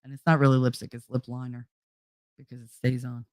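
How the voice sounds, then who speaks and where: A woman's voice: a bass voice, little pitch movement, fairly quick, darkish tone, no echo. Woman, 40s, host: blunt and profane casual storyteller, dry close sound.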